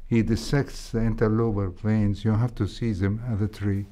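An older man, a heart surgeon with an Egyptian accent, recalling his training in a reflective interview, speaking in a measured way with frequent hesitations. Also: on the low side, flat delivery, warm tone. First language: Arabic.

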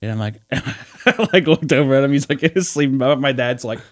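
A young man on a podcast, telling a long story in a rambling, animated way, full of fillers and laughing as he acts out the other people in it. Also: medium pitch, normal speed, no echo, clean studio sound. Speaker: podcast co-host. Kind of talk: casual storytelling chat.

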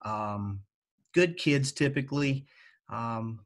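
A man with a Southern Appalachian accent answering interview questions at a halting pace, with lots of fillers. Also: medium pitch, lively intonation. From western North Carolina. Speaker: guest, teacher.

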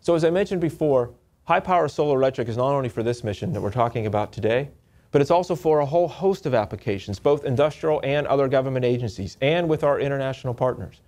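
Halting man giving a tech talk. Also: medium pitch, lively intonation, darkish tone. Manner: halting, repeats words, upbeat. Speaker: NASA technology presenter. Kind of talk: technical presentation.

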